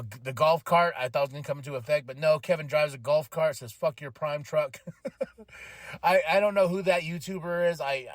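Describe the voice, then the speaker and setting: A man hosting a podcast, giving an excited, emotional casual recap of a wrestling show. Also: fairly high pitch, dry recording. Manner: excited, emotional, animated retelling with laughs. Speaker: podcast host.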